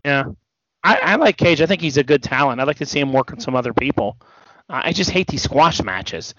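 A man's voice: medium pitch, lively intonation, a little fast, a bit bright. A man co-hosting a casual wrestling podcast, rambling and hesitant with many restarts, a bit tired. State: yawning, tired. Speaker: podcast co-host. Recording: dull dry podcast audio.

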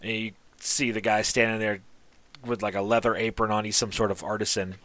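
A man narrating as game master of a tabletop game in a relaxed, halting way. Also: on the low side, no room sound.

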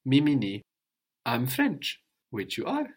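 A man teaching a language lesson, patiently drilling words, repeating a learner's answers slowly and praising them. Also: medium pitch, wildly swooping pitch, slightly rough.

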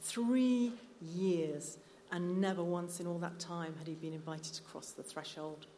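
A lower-pitched woman reads her story aloud, measured and unhurried. The reading echoes through a reverberant hall, with faint room ambience behind. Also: fairly even intonation, warm tone, a little hiss or hum. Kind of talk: live literary reading. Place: live literary night venue.

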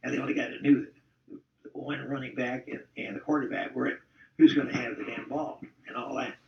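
A man's voice: mid-range voice, steady tone, fairly quick, vocal fry, a little hiss or hum. An older man, a former football player, telling rambling, salty stories in a casual interview. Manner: rambling, salty, chuckling storyteller. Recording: distant, roomy, dull-sounding recording.

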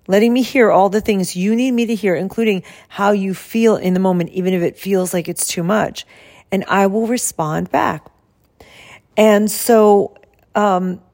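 A woman health coach who explains her service in a soft, calm and soothing way and guides slow breathing. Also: on the low side, creaky.

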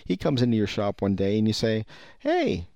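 A man with a fairly low voice rants in profane, rambling commentary. He keeps stopping and restarting his sentences. The sound is dry and close. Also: fast, creaky, a little mellow, dry recording. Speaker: vape industry commentator. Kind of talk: ranting commentary.

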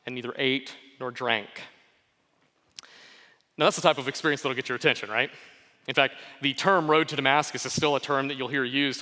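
A man preaching an earnest sermon, reading scripture aloud and explaining it in a steady, pausing delivery. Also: medium pitch. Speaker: pastor. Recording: long hall reverb.

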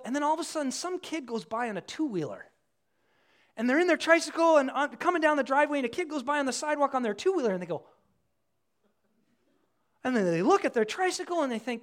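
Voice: mid-range voice, expressive, a little fast, a bit bright. A preacher giving a casual, conversational sermon at a church service, acting out quotes in different voices.

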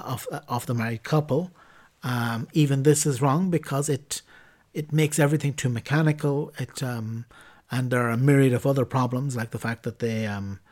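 A man's voice: mid-range voice, darkish tone. A man hosting a podcast who reads a church teaching text aloud with a few slips and corrections, then explains it casually with many ums and restarts. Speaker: podcast host reading and explaining Catholic teaching. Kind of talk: reading a text aloud, then unscripted commentary.

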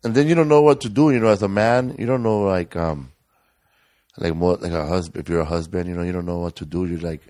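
A man's voice: low-pitched, fast talker, mellow, no room sound, studio quality. A man talking in a rambling, emotional way in casual conversation, with joking asides. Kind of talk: casual chat.

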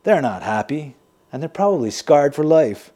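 A man's voice: on the high side, sing-song, normal speed, warm tone. An actor playing a bitter, sardonic man confiding in an audio drama monologue. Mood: wry. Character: bitter wry man, family's weary son. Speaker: narrating character.

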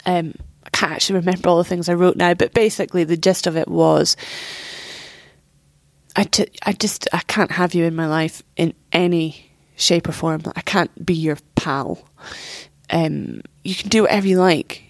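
A young woman recounts a painful personal story in an interview, speaking candidly and swearing freely as she acts out what others said. Her voice sits a little low, and the recording is close and dry, with no room sound. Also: normal speed, creaky, no room sound. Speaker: interview guest.

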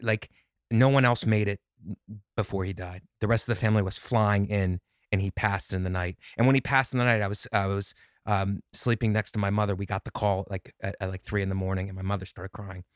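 A man's voice: on the low side, steady tone, brisk, smooth, no room sound, studio quality. A man in his forties, a comedian guesting on a podcast, who talks in an earnest, reflective way and often repeats his phrases. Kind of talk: casual conversation.

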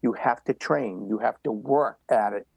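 A man's voice: mid-range voice, moderate pace, vocal fry, a little mellow, husky, no echo. An older man telling motivational running stories in an interview, emphatic and repetitive. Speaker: guest runner. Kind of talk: storytelling interview.

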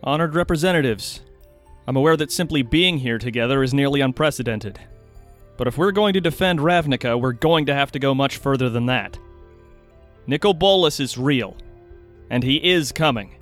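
A man's voice: medium pitch, lively intonation, moderate pace, faint music behind, close to an everyday voice. A man as an earnest young storm mage. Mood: urgent. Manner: urgent, rallying.

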